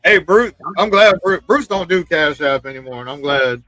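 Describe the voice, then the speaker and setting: A man's voice: fairly high pitch, animated, normal speed, sharp tone, no room sound, faint music behind, rough recording. A man co-hosting a casual livestream chat, rambling and swearing as he tells stories.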